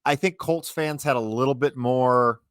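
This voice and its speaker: A man's voice: medium pitch, normal speed, a bit bright, clean tone, no echo, studio quality. A man co-hosting a sports podcast, talking in an easygoing, hopeful fan's way. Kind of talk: casual sports chat.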